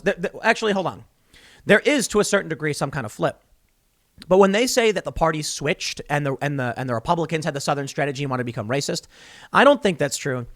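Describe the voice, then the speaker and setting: A man's voice: fairly high pitch, a bit bright, no echo, clean studio sound. A man hosting solo political commentary, opinionated and rambling, often restarting and going off on asides.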